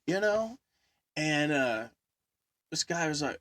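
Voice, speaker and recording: A man's voice: on the high side, expressive, takes it slowly, long pauses, fairly bright tone. A man telling a story in casual chat, rambling with many fillers and laughing as he talks. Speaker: podcast guest storyteller.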